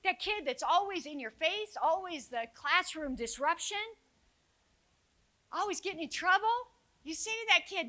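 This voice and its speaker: A woman giving a motivational keynote to teachers, telling stories in an expressive way that swings from hushed to loud and rallying. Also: very high voice, moderate pace. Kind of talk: motivational conference keynote with storytelling. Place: conference stage before an audience.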